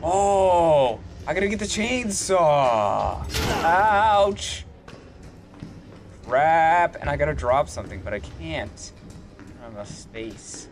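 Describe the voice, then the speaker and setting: A man giving excitable let's play commentary, swearing and yelling at enemies as he plays. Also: a little high, takes it slowly, faint music behind. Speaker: gamer.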